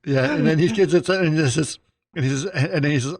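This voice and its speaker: A man's voice: a little high, a little fast, a little mellow, dry recording. A man co-hosting a podcast, casually retelling film scenes and chuckling along the way. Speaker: podcast co-host. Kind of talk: casual movie chat.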